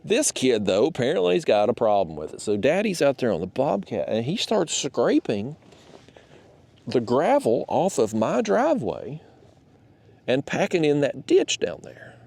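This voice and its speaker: A man who hosts a fishing channel, telling a story to the camera in an animated, exasperated rant. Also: mid-range voice, normal speed, creaky.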